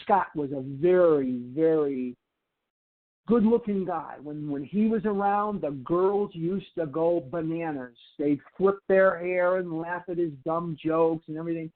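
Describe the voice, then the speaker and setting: An older man giving an inspirational recovery talk, telling a story with slow, emphatic, drawn-out phrases. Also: on the high side. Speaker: recovery program speaker. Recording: tinny phone-like audio.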